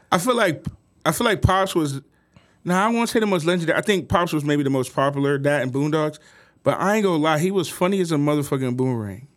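Man, podcast co-host, studio chat, slightly higher voice, loose and profane. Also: quick pace. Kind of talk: casual chat.

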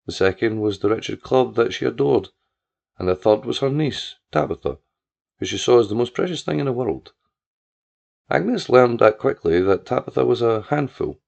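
A man narrating a story in a steady storytelling manner, on a dull lo-fi recording. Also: medium pitch, normal speed, gravelly. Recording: dull lo-fi audio.

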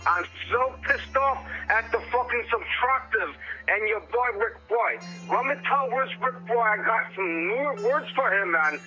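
A man's voice: very high-pitched, unhurried, slightly rough, faint music behind, exaggerated voice. A man voicing a hot-tempered, foul-mouthed male rock musician ranting on a phone call. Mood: angry rant. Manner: ranting, profane, snaps back to calm. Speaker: caller. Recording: muffled phone line.

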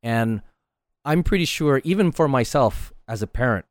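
With a mid-range voice, lively intonation, and moderate pace, a middle-aged man talks on his solo podcast, recorded in a clean studio with no room sound. A martial arts instructor, he speaks earnestly in a coaching tone, often tagging lines with "right?"

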